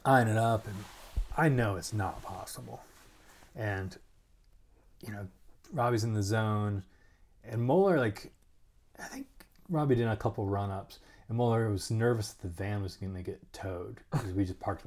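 Rambling, animated man with a lowish voice. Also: moderate pace, long pauses. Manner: rambling, animated, full of "like" and restarts; acts out other people's lines. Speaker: interview guest. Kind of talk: casual storytelling.

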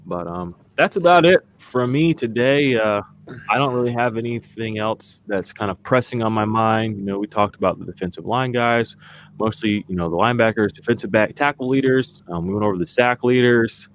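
A podcast co-host chats casually on a sports podcast, ranting with exasperation and using lots of fillers. His lowish voice moves at normal speed, with a little hiss or hum in the recording.

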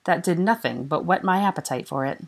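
A woman's voice: lowish voice, brisk, creaky. A woman reading the part of a flamboyant, teasing young male wizard in an arch, drawling manner.

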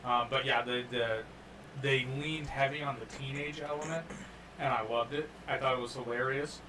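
A man co-hosting a podcast, chatting and joking in an animated way about a film. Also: mid-range voice, normal speed. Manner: animated, joking, lots of restarts. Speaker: podcast co-host. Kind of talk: casual chat and film review. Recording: distant mic, faint room noise.

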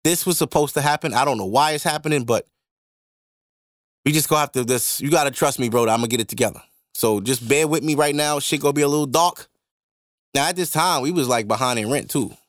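Young dude podcasting, animated storytelling, lots of cussing, dry close mic. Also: male voice, mid-range voice, fast, dry recording. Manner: animated, profane, conversational. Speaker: podcast host. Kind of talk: casual storytelling monologue.

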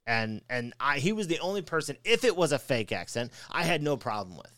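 A man's voice: a little high, brisk, no echo. Guy on a podcast mic, swearing a lot, ranting loose, dry close sound. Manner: profane, ranting, animated. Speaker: podcast co-host. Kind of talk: casual podcast chat.

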